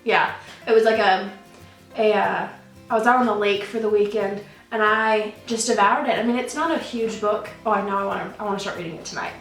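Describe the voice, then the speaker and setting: A woman's voice: medium pitch, a little fast. A young woman vlogging in a casual, gushing, rambling way, often correcting herself. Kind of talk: casual chat. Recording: roomy echo, mic at a distance, faint music.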